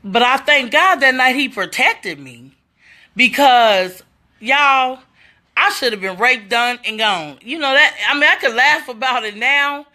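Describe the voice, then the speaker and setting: Bright-voiced woman telling a story. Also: sits high, a little slow. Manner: animated, addresses viewers as y'all. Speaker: vlogger telling a personal story. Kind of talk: casual storytelling to camera.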